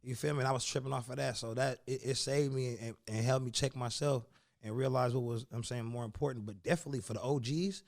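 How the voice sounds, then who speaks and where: A man's voice: medium pitch, steady tone, quick pace, vocal fry, darkish tone. A man from the Bay Area, a guest rapper talking casually in a studio interview with loose street slang.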